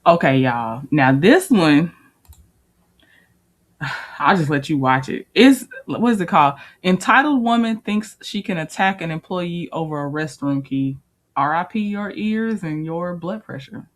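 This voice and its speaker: Woman host, lower voice, relaxed reaction commentary with chuckles. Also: measured pace. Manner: laid-back, chuckling asides.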